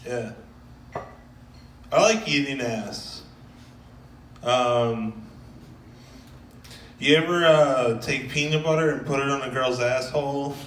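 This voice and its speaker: Man, stand-up comedian, deadpan, slow delivery, distant echoey club. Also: medium pitch, slight background noise. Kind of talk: stand-up set.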